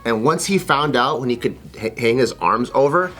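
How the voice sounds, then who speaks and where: A man's voice: mid-range voice, expressive, moderate pace, fairly bright tone. Podcast guy telling a chill story, some cussing, voice goes up and down, faint music. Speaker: podcast co-host. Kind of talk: casual chat.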